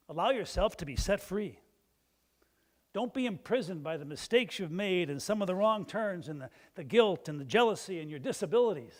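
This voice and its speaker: A man delivers a sermon in a church in a slightly higher voice than most men. He talks like he is chatting with the congregation and tells his stories plainly. At times he rises into emphatic, ringing calls. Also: expressive, normal speed, long pauses. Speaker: pastor. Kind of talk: sermon with storytelling.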